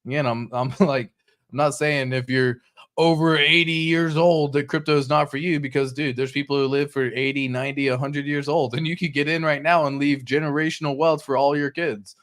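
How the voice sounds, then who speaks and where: A man hosting a casual crypto show, talking over charts in an excitable, slangy way. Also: a little high, a little fast. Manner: excitable, chatty, slangy, laughs often. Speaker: crypto channel host.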